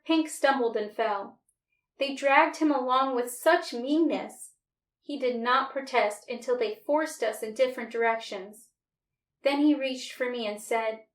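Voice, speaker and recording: A woman reads a storybook aloud with expressive, dramatic narration. Her voice sits somewhat high. The sound is roomy, with the mic set well back from her. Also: measured pace, distant mic. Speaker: storybook reader.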